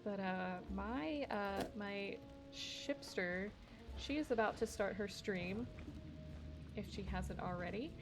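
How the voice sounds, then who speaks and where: A woman's voice: medium pitch, takes it slowly. A young woman streamer chatting casually while she plays, rambling, swearing freely and laughing often. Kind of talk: casual gaming stream chat. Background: background music.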